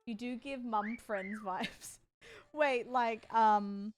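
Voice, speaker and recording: A woman's voice: on the high side, drawn-out words, soft background music. A tired woman streamer chatting casually with her live chat and cooing to her cat between remarks.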